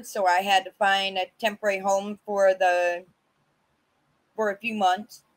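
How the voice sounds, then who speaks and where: A woman from California speaks in an unhurried way, telling her own story to a virtual panel. She pauses often, fills gaps with "um" and restarts her sentences. She is heard over a video call. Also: mid-range voice, fairly bright tone, rough recording. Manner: halting, many fillers and restarts. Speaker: community advocate sharing her story.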